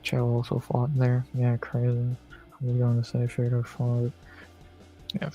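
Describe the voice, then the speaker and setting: A man's voice: medium pitch, completely flat delivery, unhurried, dark tone, lo-fi sound, faint music behind. A man streaming live, muttering and swearing casually as he plays through quizzes, saying he's losing his voice. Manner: mutters and swears at quiz questions.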